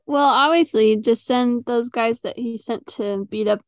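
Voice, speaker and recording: A woman's voice: on the high side, unhurried, dry recording, clean studio sound. A young woman co-hosting a podcast, chatting casually with short replies and easy laughs. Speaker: podcast co-host.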